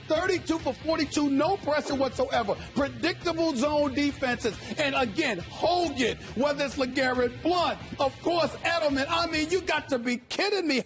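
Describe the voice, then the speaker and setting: A man's voice: extremely high pitch, fairly bright tone. A man on a sports debate show, ranting emphatically and repeating himself, worked up and disgusted. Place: television studio.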